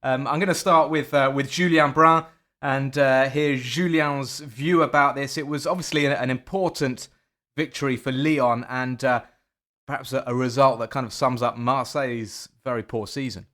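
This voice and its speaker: A man's voice: mid-range voice, fairly even intonation, moderate pace, fairly bright tone. Chatty man hosting a podcast. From England. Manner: chatty, with frequent fillers and restarts. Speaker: podcast host. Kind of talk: casual football podcast chat.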